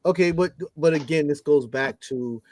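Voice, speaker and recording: A man's voice: a little high, normal speed, a little mellow. A man on a podcast making emphatic points about a movie. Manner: emphatic, insistent. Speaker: podcast co-host. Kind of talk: casual movie review chat.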